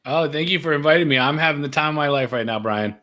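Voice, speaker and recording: A middle-aged man telling a story as a guest in an interview, lively and acting out the voices of the people in it. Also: fast. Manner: animated, acts out quoted voices with big pitch jumps.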